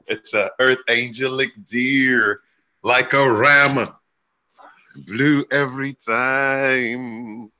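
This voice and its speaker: A man reading spiritual cards who rambles in a chanting stream of wordplay, with sudden laughs and jumps in pitch. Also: slow, bright, forceful tone, lo-fi sound. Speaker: spiritual reader. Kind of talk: freewheeling mystical rambling.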